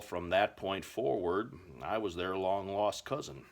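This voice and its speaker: A man's voice: lowish voice, expressive, normal speed, few pauses, fairly bright tone. An American man telling survival stories in a folksy, rambling way, full of filler words. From United States. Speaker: survival vlogger. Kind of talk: casual storytelling to camera.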